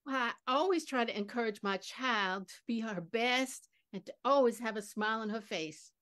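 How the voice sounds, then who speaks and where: A woman's voice: fairly high pitch, normal speed, a bit bright, natural voice. A woman improvising a flashy, shameless schemer who talks in a breezy, smug way on stage. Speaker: improv performer. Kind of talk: live improv comedy scene. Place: theater stage.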